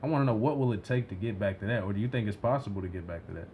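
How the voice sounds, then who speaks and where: Dude cohosting a podcast, deepish voice, earnest, faint hum in back. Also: male voice, lively intonation, racing, phone-quality sound. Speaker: podcast co-host. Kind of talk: casual conversation.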